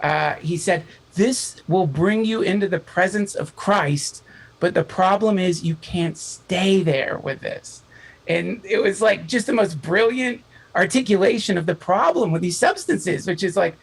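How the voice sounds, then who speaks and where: A man, a podcast guest, telling a long story in casual chat, animated and profane, acting out the voices of the people in it. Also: high-pitched, measured pace, creaky, slightly rough, poor audio.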